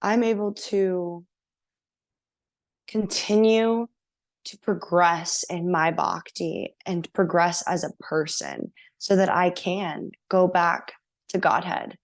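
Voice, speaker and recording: A woman's voice: on the low side, takes it slowly. Earnest woman telling her story. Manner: earnest, animated storytelling with laughs. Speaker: guest. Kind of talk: casual interview.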